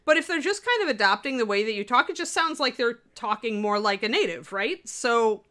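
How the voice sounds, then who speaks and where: A slightly high, sharp-toned woman's voice with lively intonation moves a little fast. She co-hosts a livestream on miniature painting, reading viewers' comments aloud and answering them in a rambling, filler-heavy, casual way.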